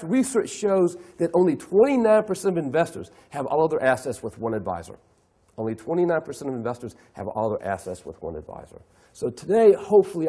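Middle-aged male keynote speaker, husky and animated, plays to the room. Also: fairly high pitch. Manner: animated, acts out clients' voices, asks the audience questions. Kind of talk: lively keynote talk to an audience.

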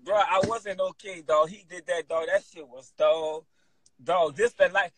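A man's voice: sits high, steady tone, unhurried, a bit bright, low-quality recording. A man with a New Orleans accent hosting a casual chat, laughing often and exclaiming. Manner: laughs a lot, exclaims "Lord". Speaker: host. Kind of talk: casual live-stream chat.

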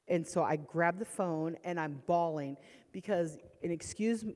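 A woman's voice: lowish voice, a little slow, a little mellow. A woman sharing a personal testimony in church, retelling past panic with strong emotion. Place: church hall. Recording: long church hall reverb.

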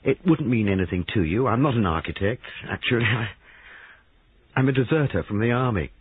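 A man's voice: medium pitch, animated, breathy edge, dry recording, pitched above the performer's own voice. A man doing a stammering shaken young man. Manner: halting, stammering, raised voice. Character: nervous young man, a troubled army deserter. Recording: dry, tinny phone-like sound.

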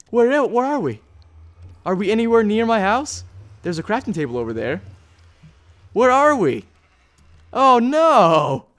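A man giving Let's Play commentary on a sandbox game, excitable and jumping between high squeals and low mutters, talking straight to viewers. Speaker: YouTuber playing Minecraft.

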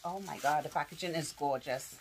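A woman with a lowish voice gushes over gifts as she opens them, exclaiming and laughing while she fights with the wrapping. It is a casual home vlog, with a faint hiss of noise under her voice. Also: fairly quick. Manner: gushing, exclaiming, laughing often while struggling with packaging. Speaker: vlogger opening fan mail.

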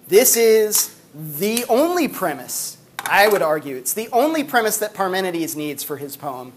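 A man's voice: high voice, moderate pace, a little hiss or hum. A man lecturing on philosophy to a university class, casual and chatty with many fillers. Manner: chatty, filler-heavy, animated storytelling.

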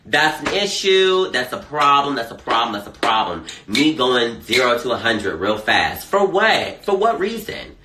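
A man chatting casually on a phone livestream, sassy and animated, swearing a lot. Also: medium pitch, unhurried, hardly any pauses. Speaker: social media personality. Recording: echoey room, faint noise.

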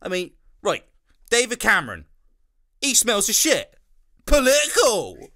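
A man's voice: sits high, wildly swooping pitch, a little slow, pushed and bright, exaggerated voice. A man voicing a crude, boorish male comedian who swears and uses coarse dialect grammar.

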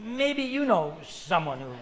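A man telling a comic story on stage in a one-man play, with a dry, deadpan manner. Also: high voice, measured pace. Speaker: comedic storyteller.

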